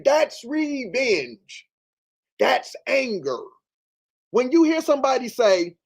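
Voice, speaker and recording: A man's voice: very high-pitched, sing-song, measured pace, breathy edge. A man hosting a commentary show, reading out text messages and answering them with emphatic repetition and rhetorical questions. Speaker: show host.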